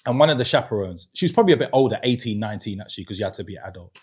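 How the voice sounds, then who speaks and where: A man's voice: fairly low pitch, lively intonation, racing, a little mellow, husky. A man, a podcast guest telling an earnest story in casual chat, with hesitant restarts.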